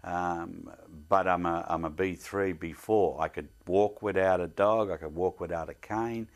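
A man's voice: sits low, fairly even intonation, measured pace. An older man telling a personal story in a plain, earnest way, often speaking of his faith. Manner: plain-spoken storyteller, acts out the voices of others in his story. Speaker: interviewee.

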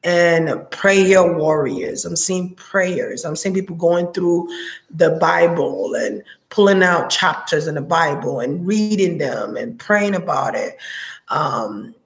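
A woman giving an intuitive reading, musing aloud in a halting way and often pausing to search for words. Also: on the low side, reverberant. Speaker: psychic reader.

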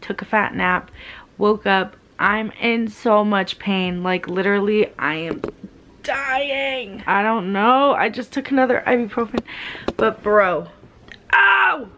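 A woman's voice: medium pitch, measured pace, fairly bright tone, a little hiss or hum. Pained young woman vlogging. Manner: candid, swearing, heavy use of "like". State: in pain, weary. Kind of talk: casual vlog storytelling.

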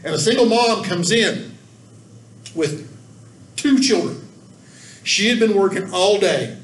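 A man's voice: sits high, animated, takes it slowly. Folksy man trainer in an echoey room. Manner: folksy, earnest, emphatic. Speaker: church volunteer trainer. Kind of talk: training talk with anecdotes. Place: church room. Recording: echoey room, distant mic, faint background noise.

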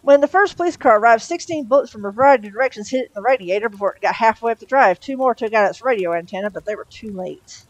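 A woman reading a novel aloud in a steady, expressive storytelling manner. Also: on the high side, fast, hardly any pauses, dry recording, rough recording. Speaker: reader.

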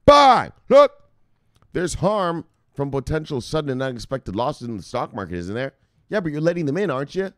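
A man hosts a crypto news show in a profane, ranting commentary. His voice leaps and drops all over the place, from loud outbursts to low mutters, and he laughs at his own jokes. It is recorded close and dry, with no room sound. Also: expressive, fast talker, no echo. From United States.

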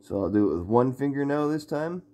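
A man's voice: medium pitch, lively intonation, a little fast. A man with a put-on Southern American drawl, teaching guitar in a rambling, self-mocking, casual way.

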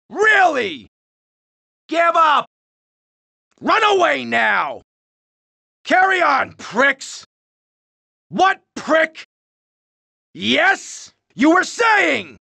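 A man's voice: very high voice, bright, forceful tone, heavily acted. An actor playing a hot-tempered middle-aged male gangster in a video game, barking short hostile taunts. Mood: shouting rage. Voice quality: gravelly, menacing. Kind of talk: game voice lines.

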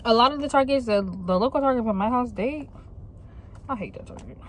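Woman, casual vlogger, rants while driving, bouncy high voice, phone camera in the car. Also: animated, brisk, slight background noise. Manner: chatty, ranting, slangy. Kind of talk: casual vlog chat.

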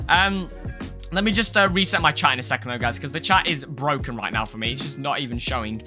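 A man's voice: medium pitch, fast talker, music in the background. A young man hosting a casual game livestream, chatty and laughing often. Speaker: livestream host.

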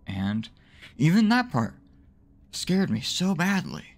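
Animated, swearing gamer man. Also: slow, creaky. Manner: exasperated, swearing, self-mocking rants; jumps into sudden high yelps when frustrated. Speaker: let's play gamer. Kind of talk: live gameplay commentary.

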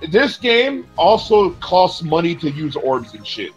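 A man's voice: high-pitched, very animated, unhurried, breathy edge, faint music behind, low-quality recording. A young man casually explaining a board game's rules to friends, laughing and swearing as he talks. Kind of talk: casual gaming chat.

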